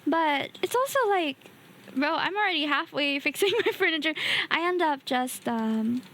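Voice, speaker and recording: A woman streamer chatting casually and easily while building a kit at her home desk, often laughing softly. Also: sits high, lively intonation, normal speed, slight background noise.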